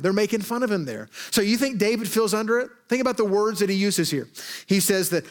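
Male pastor, slightly high voice, chatty preaching with wry humor. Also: fairly quick. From Arkansas. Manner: conversational, joking preacher with lively asides. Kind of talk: sermon.

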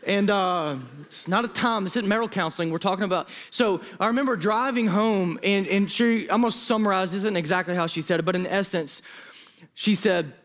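A man with a fairly high voice delivers a sermon. He speaks in an earnest, emotional and pleading way, and he often breaks off and restarts his sentences. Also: a little fast, few pauses, fairly bright tone. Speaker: pastor.

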